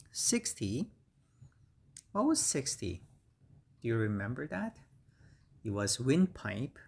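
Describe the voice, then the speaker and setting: A man with a Korean accent teaching English vocabulary, repeating each word slowly and carefully with frequent pauses and fillers. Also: medium pitch, husky. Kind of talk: slow vocabulary lesson.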